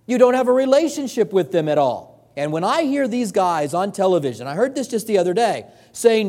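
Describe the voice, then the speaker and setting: A man's voice: sits high, very animated, fairly quick, few pauses, darkish tone, in a large hall. A man preaching a sermon as pastor, earnest and conversational, repeating points for emphasis.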